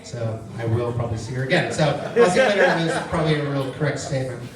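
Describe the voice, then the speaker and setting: A man's voice: mid-range voice, expressive, fast talker. A man doing a stand-up comedy set, telling profane stories in a loose, rambling way. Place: comedy club stage. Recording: echoey club from far off with crowd. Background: audience laughter.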